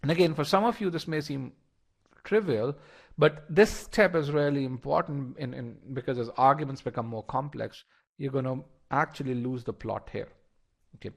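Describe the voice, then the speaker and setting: A man's voice: medium pitch, moderate pace, vocal fry. A man leading a live online test-prep lesson, talking straight to his students with frequent repeated words and restarts. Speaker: instructor.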